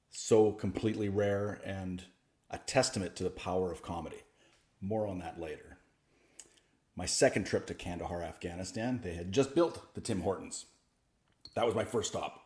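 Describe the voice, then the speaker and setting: A man, a comedian telling stories in a stand-up set, with a dry, deadpan delivery that breaks into lively bursts. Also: sits low. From Canada. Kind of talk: stand-up storytelling. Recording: echoey room.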